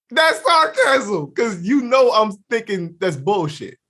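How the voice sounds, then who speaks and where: A young adult man co-hosting a podcast, chatting casually, laughing often and acting out quotes in an animated way. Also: sits high, normal speed, few pauses. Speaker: podcast co-host. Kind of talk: casual chat.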